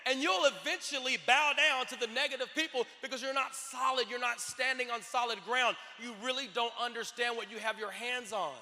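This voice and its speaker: High, bright-voiced man preaching on stage. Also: brisk, hardly any pauses. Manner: preaching, playful, drops to a murmur, then bursts out shouting. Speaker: motivational speaker. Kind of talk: stage talk to a live audience. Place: large conference hall. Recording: long hall reverb.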